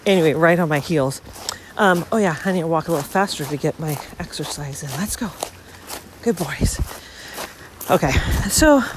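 A lower-voiced woman talks into her phone while walking on a beach, rambling casually and breaking into excited bursts. Her pitch swings widely as she goes. A faint outdoor hiss sits behind her. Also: moderate pace, long pauses. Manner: chatty and excitable, lots of ums. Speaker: podcast host.

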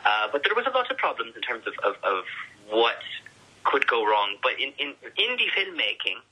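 A man's voice: medium pitch, big pitch swings, moderate pace, sharp tone, slightly rough, rough recording. A man, a guest actor, talking casually in an interview, rambling with many restarts and fillers.

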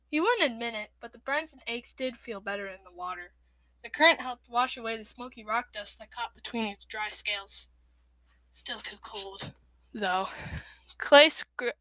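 A woman reading a children's novel aloud with lively, expressive narration. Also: on the high side, dry recording. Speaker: reader.

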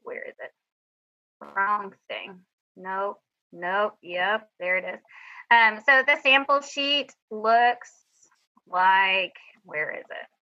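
A woman's voice: medium pitch, slow, long pauses, sharp tone, dull audio. A woman band director giving a chatty, upbeat, self-deprecating presentation over a video call. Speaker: middle school band director. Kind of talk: teacher presentation over screen share.

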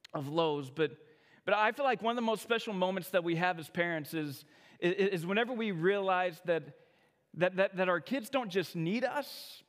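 A man in his thirties with a high, light voice gives a sermon from the pulpit. He tells his own stories in a conversational, self-deprecating way, often stumbling over his words as he restarts. His voice rings out with a long reverb through a church hall. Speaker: pastor. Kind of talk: sermon with personal storytelling.

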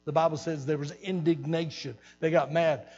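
Animated preacher with a high voice. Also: male voice, moderate pace, long reverb tail, highs cut off. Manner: animated preaching, repeats phrases, swells loud for emphasis. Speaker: pastor. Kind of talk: sermon. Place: church sanctuary.

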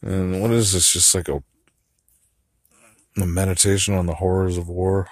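Deep-voiced man musing aloud. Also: little pitch movement, normal speed, long pauses, no echo, clean studio sound. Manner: musing and profane, with frequent fillers. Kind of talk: rambling solo monologue.

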